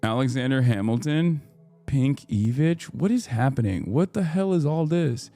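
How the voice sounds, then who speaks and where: A man in his thirties chats on a live stream, telling stories in a lively, cursing, ranting way. His voice sits at an ordinary middle pitch, and faint music plays underneath. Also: normal speed. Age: 30s. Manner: animated, profane storytelling, ranting. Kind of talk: casual live-stream chat.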